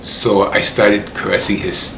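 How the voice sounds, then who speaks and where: A man recounts a personal story in a rambling, repetitive way. His voice sits fairly low. The room echoes, with faint ambience behind him. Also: completely flat delivery, unhurried, creaky, background noise. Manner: rambling, repeats himself.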